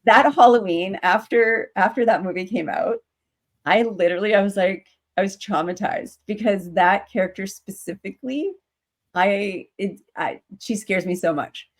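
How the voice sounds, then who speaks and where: A woman's voice: medium pitch, normal speed. A young adult woman, a guest in an interview, telling a story casually with many fillers and acting out the voices in her quotes.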